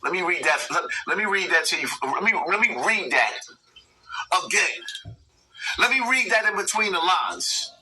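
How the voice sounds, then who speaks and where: A man's voice: sits high, expressive, moderate pace, pushed and bright, far from the mic, rough recording. A man hosting a commentary video, ranting and preaching to his viewers with lots of repetition. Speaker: commentary channel host.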